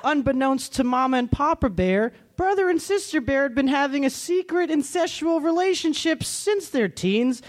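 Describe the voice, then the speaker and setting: A man, a comedian, reading a comic story in a deadpan storybook manner at a comedy club. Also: extremely high pitch, moderate pace, few pauses.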